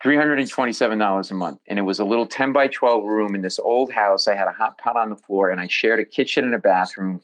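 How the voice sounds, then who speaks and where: A man, a comedian guest on a podcast, telling stories in an animated, jokey way. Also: fairly low pitch, fast talker, hardly any pauses, low-quality recording. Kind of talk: storytelling in a podcast interview.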